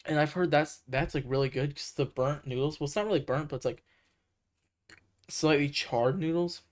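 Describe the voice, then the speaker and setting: A man streaming and reacting casually, talking in an excitable, rambling way full of fillers. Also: a little high, moderate pace. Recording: noisy home mic.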